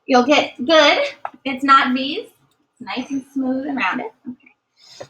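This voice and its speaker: A woman's voice: high voice, bright, forceful tone, low-quality recording. A woman teaching a math lesson to a class, encouraging and sometimes singing short note patterns. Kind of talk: classroom lecture.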